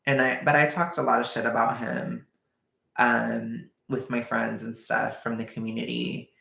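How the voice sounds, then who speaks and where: Gravelly-voiced man telling a story. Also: mid-range voice, unhurried, bright, forceful tone. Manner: candid, emotional, rambling storytelling. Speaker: vlogger. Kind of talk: storytime vlog. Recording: echoey room.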